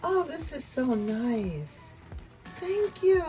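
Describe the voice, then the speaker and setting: Sitting at her home desk, a woman casually unboxes gifts for her viewers, gushing with breathy exclamations of delight. Her medium-pitched voice is expressive, slow and a little mellow, with faint music behind and poor audio.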